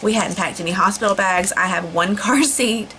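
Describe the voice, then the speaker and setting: A woman's voice: medium pitch, normal speed, pushed and bright, slight background noise, low-quality recording. A young woman chatting casually to camera, rambling with lots of fillers and restarts. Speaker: vlogger. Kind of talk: casual storytelling vlog.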